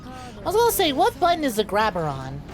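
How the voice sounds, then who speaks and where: Woman, young adult, playful streamer, higher voice, animated, laughs a lot. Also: brisk. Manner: playful, laughing, talks to chat as y'all. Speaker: VTuber streamer. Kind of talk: casual gameplay streaming chat.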